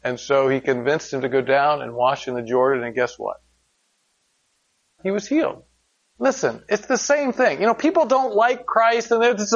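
A man's voice: a little high, moderate pace, lo-fi sound. A man preaching a sermon in a conversational way, asking rhetorical questions and telling stories with animation. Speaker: pastor.

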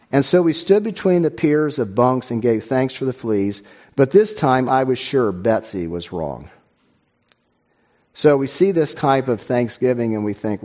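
A man's voice: mid-range voice, animated, dark tone. Earnest male preacher on a lo-fi recording. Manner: measured, earnest, with some slips and fillers. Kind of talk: sermon with read-aloud story.

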